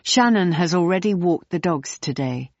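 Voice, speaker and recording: A woman narrating an audiobook in the third person, steady and clear. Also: lowish voice, moderate pace, dry recording, dull audio.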